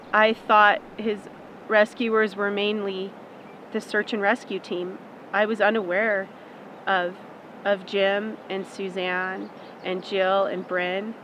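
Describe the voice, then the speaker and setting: A woman's voice: medium pitch, fairly bright tone, slight background noise. A woman giving an emotional, reflective documentary interview. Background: music.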